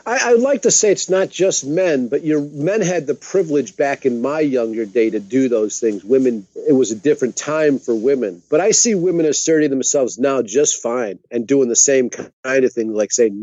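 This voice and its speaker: A man's voice: on the high side, lively intonation, normal speed, few pauses, warm tone, no room sound, dull audio. A man chatting casually as a podcast guest. He tells stories bluntly, swears, and repeats words for emphasis. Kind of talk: casual storytelling chat.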